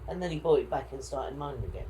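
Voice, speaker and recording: A woman's voice: a bass voice, lively intonation, fast, mellow, a little hiss or hum, poor audio. A woman telling a travel story in a casual vlog chat, quoting people as she goes. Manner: chatty, indignant retelling with quoted dialogue. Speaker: vlogger.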